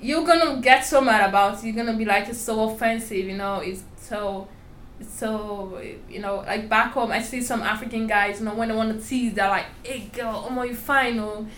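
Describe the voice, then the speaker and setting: In an interview, a young woman with a heavy foreign accent speaks candidly and emphatically about her story in a mid-range, fairly bright voice at normal speed. There's slight background noise, a roomy echo, and faint ambience.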